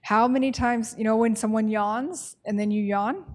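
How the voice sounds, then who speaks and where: A woman leading a staff training workshop, talking in a brisk, conversational way and often checking in with the group. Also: a little high, fairly even intonation.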